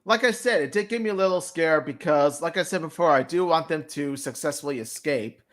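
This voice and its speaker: A man co-hosting a fan stream, reviewing cartoon episodes in casual chat, excitable and full of fillers and restarts. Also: on the high side, fairly quick. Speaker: fan show co-host.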